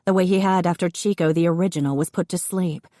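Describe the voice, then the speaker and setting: A woman narrating an audiobook in a steady, expressive reading. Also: fairly low pitch, fast, dry recording, studio quality. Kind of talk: scripted narration.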